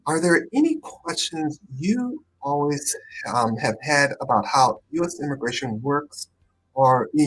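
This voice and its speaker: A man hosting a live stream as an immigration attorney, talking in a thoughtful, hedging way with many pauses and ums. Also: medium pitch. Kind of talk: conversational live stream chat.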